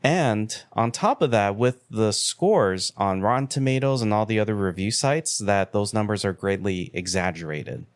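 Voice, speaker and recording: A man co-hosting a movie podcast, calmly laying out and recapping online claims in casual chat. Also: fairly low pitch, normal speed, few pauses, no echo, clean studio sound. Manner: steady, explanatory, recapping claims. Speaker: podcast co-host.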